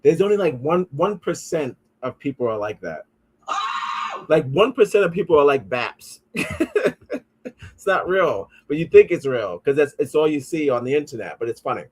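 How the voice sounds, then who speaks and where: A man's voice: fairly high pitch, very animated, normal speed, slightly rough. A man hosting a podcast, riffing in a casual, profane way and reading comments aloud. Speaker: podcast host.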